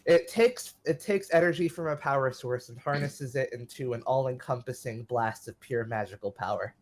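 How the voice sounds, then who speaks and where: A man's voice: mid-range voice, moderate pace, lightly acted. Weary official, flustered and hesitant, sighs and stalls , played by a man. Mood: evasive. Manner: hesitant, full of uhs and sighs.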